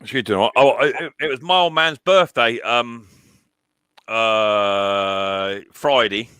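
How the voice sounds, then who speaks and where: Brief: middle-aged man, bright and dry-sounding, chatty, stumbles and repeats words, jokey. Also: fairly low pitch, slow, clean tone, no echo. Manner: stammering restarts, joking, teasing. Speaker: mower repairer. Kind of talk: casual chat.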